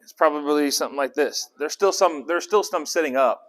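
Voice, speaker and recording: A man leading a casual Bible study, animated and conversational, often asking the group questions. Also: a little high, a little fast.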